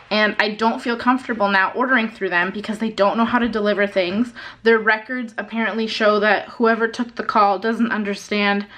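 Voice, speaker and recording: A woman's voice: fairly high pitch, bright, forceful tone. A young woman in her twenties, ranting to camera in an unscripted vlog about a frustrating phone call. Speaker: vlogger.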